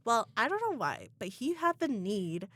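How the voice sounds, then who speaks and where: Lively young woman co-hosting a chat. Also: fairly high pitch, moderate pace. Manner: animated, laughs often, heavy use of "like". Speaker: podcast co-host. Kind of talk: casual chat.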